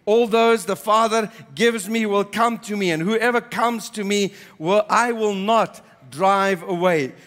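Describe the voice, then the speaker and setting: A man's voice: sits high, a little slow, few pauses, fairly bright tone, long reverb tail. A man preaching a sermon, reading scripture aloud and then explaining it with emphatic repetition. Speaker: pastor. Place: church.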